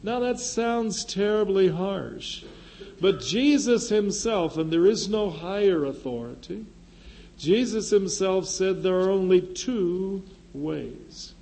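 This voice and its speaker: A man's voice: high-pitched, slow, vocal fry, a little mellow, poor audio. An older man, a former pastor, teaching a class in a classroom, earnest and emphatic, often repeating a key phrase with fresh stress. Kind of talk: classroom lecture. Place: classroom with a board.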